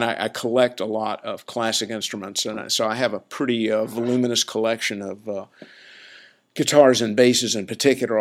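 A man hosting a podcast, telling stories in a chatty, laid-back way with lots of fillers and restarts. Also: on the low side. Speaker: podcast host. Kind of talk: casual rambling storytelling.

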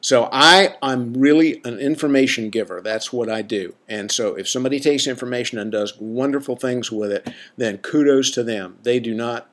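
A man's voice: mid-range voice, normal speed, few pauses, fairly bright tone. A man, a coach and teacher, giving a podcast monologue in a blunt, emphatic way, often checking in with a "right?". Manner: emphatic, drives points home with repeated "right?"; blunt, casual, occasional swearing.

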